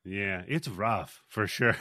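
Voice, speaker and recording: A man's voice: lowish voice, slow pace, pushed and bright, dry recording. Dry-sounding, wisecracking man, casually profane. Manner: laid-back, profane, wisecracking. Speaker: podcast co-host. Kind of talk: casual chat recapping a movie.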